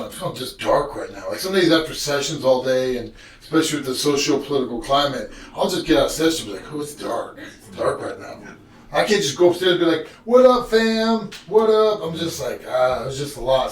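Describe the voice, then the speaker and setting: A man telling family stories earnestly, acting out quotes in a casual conversation. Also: on the high side. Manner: earnest, storytelling, acts out quotes. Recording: echoey room, from a distance.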